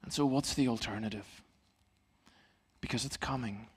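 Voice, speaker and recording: A middle-aged male pastor giving a sermon in a church, in a calm, gentle, conversational way. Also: mid-range voice, moderate pace, breathy edge.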